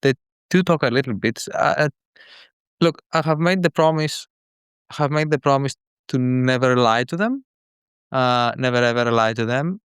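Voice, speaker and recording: A man calling in as a father, speaking earnestly and haltingly in a call-in conversation. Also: mid-range voice, smooth, dry recording, clean studio sound. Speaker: caller, father.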